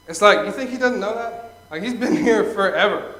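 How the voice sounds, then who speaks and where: A young man doing Christian stand-up in a loose, chatty way, often chuckling at his own lines and slipping into quick character bits. His voice sits high for a man. The room around him is echoey. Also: fairly bright tone. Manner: conversational, chuckles at own jokes, acts out characters. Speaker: stand-up comedian.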